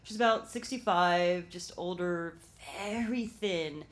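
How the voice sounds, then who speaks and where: A young woman with a Philadelphia accent telling a personal story live on stage, chatty and filler-heavy. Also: lowish voice. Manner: chatty, fast when nervous, lots of fillers.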